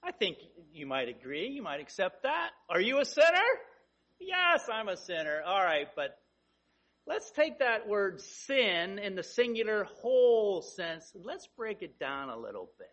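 Emphatic high-voiced male preacher. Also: big pitch swings, measured pace, a bit bright. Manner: emphatic, repeating phrases with rising intensity. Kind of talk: sermon.

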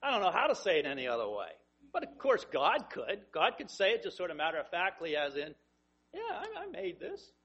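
A man preaching a sermon, telling vivid stories that swing between hushed and emphatic. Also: fairly high pitch, very animated, fast, husky, lo-fi sound. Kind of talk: sermon, Bible teaching.

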